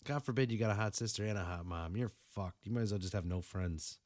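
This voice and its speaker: A young man co-hosting a casual movie review podcast, profane and animated, with a stuffy nose. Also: fast talker, no echo. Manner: animated, profane, acts out quotes in high voices. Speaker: podcast co-host.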